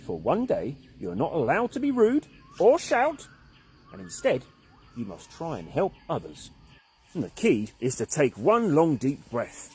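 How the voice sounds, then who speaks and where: A man voicing the oldest caveman, a calm, wise elder with a deep, gentle voice who speaks softly and slowly. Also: husky, full character voice. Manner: soft and unhurried.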